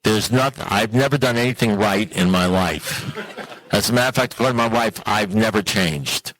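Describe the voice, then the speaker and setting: A man telling a humorous personal recovery story to an audience in an animated, self-mocking way, often turning to the listeners with questions. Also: moderate pace, low-quality recording. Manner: animated, self-mocking, with sudden jumps in pitch; conversational, asks the audience questions. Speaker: recovery meeting speaker.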